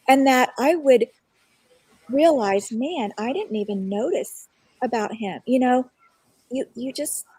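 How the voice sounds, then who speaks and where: A woman's voice: a little high, mellow, breathy edge, dry recording. Earnest woman telling a personal story. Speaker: guest. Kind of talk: casual chat on a live online show.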